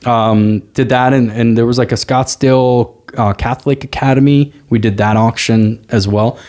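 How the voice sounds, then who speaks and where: A man's voice: mid-range voice, normal speed. A man, a commercial real estate agent, telling stories as a guest in a casual interview, often tagging "right?" on his points. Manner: animated storyteller, repeats "right?".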